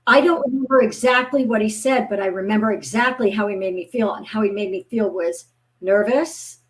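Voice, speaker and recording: A woman in her fifties, a guest author, chatting casually and telling lively stories, acting out the voices of people she quotes. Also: medium pitch, a little fast. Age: 50s. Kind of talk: casual chat.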